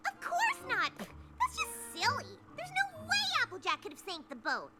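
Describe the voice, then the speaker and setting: A squeaky, hyper party pony. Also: female voice, normal speed, full character voice. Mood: chatty. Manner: bouncy, giddy, excitable. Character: hyper, bubbly, party-loving pink female pony. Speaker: cartoon character. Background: loud cartoon music.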